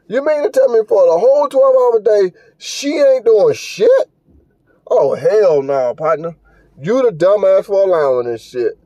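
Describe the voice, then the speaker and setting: A man's voice: sits high, expressive, unhurried, warm tone, no echo, highs cut off. A middle-aged man hosting a podcast, giving blunt, profane, scolding commentary as he reacts to a video. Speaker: podcast host.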